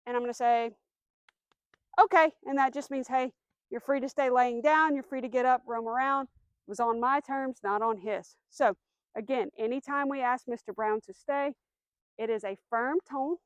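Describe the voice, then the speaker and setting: A woman dog trainer giving a demonstration outdoors, explaining steps clearly, giving firm commands and soft praise to the dog. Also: a little high, fairly even intonation, normal speed, no room sound.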